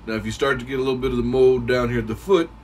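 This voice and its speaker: A man's voice: medium pitch, fairly even intonation, racing, slight background noise. Chatty man talking from a distance. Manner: chatty, rambling, clears throat often. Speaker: cigar reviewer. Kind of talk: casual how-to talk.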